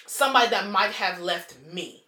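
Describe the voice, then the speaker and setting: A woman co-hosting a casual podcast, talking bluntly and profanely with emphatic, drawn-out phrasing. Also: medium pitch, bright, forceful tone, roomy sound, a little hiss or hum. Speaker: podcast co-host.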